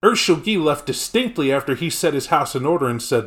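A man's voice: fairly high pitch, sing-song, brisk, few pauses, fairly bright tone. A man co-hosting a casual podcast, explaining tabletop game lore in a rambling, conversational way. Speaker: podcast co-host.

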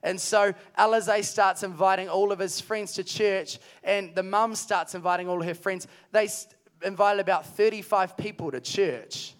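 A man's voice: sits high, fairly even intonation, normal speed, clear, resonant tone. A man preaching at a youth camp, telling a story earnestly and then calling energetically to the crowd. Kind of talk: sermon. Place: large hall at a camp.

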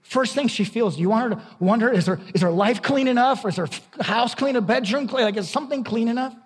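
Husky high-voiced middle-aged pastor preaching. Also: male voice, quick pace, in a large hall. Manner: candid and conversational, repeating words as he goes. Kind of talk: sermon.

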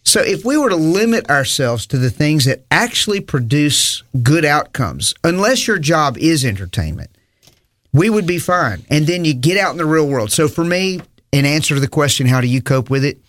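A man's voice: fairly high pitch, big pitch swings, moderate pace, a bit bright, dry recording. A preacher, a man, talking earnestly and easily as a guest in a casual conversation.

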